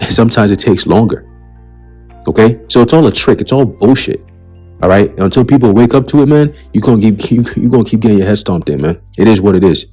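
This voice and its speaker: A man's voice: lowish voice, lively intonation, brisk, a little mellow, husky, soft background music. A man hosting a commentary rant. He is blunt and profane and turns preachy as he warns of coming doom, tagging his points with "okay?". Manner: blunt, profane and heated, repeats "okay?" as a tag. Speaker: commentary channel host. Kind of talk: ranting commentary on a list of news items.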